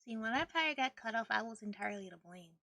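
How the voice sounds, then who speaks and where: A woman's voice: fairly high pitch, lively intonation, fast talker, gravelly, sharp tone, no echo, studio quality. A woman streaming a video game, chatting casually and rambling with frequent laughter. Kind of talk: casual gameplay stream chat.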